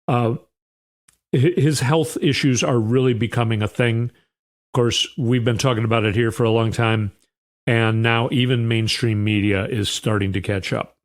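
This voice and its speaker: A man's voice: medium pitch, fairly even intonation, moderate pace. A man hosting a political commentary show, sarcastic and often sighing. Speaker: host.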